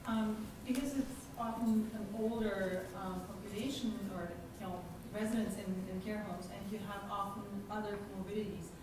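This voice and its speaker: A woman's voice: medium pitch, fairly even intonation, normal speed, few pauses. A woman, a physiotherapist, asking a hesitant question from the audience at a lecture. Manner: hesitant, searching for words. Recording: distant voice in a very echoey room, noisy.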